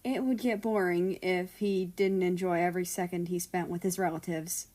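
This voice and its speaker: A woman reading a fan fiction story aloud in a steady, storytelling way. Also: on the low side, normal speed, few pauses. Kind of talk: scripted narration of a fan story.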